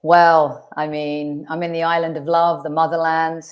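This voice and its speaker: A woman joining a podcast by video call as a guest, a little hoarse, chatting warmly without a proper mic. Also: sits low, level tone, normal speed. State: slightly hoarse. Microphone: no proper mic, device mic on a video call.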